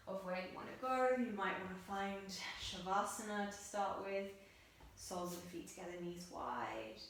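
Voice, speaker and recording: Lady yoga teacher talking you through breath cues, calm and loose, big echoey room. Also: mid-range voice. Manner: chatty aside, then slow soft breath cues. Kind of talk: guided yoga class. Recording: very echoey room with faint noise.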